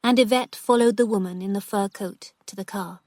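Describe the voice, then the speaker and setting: A woman narrating a story for English learners, reading clearly and carefully. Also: mid-range voice, brisk, darkish tone, no room sound, clean studio sound. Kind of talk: slow scripted story narration.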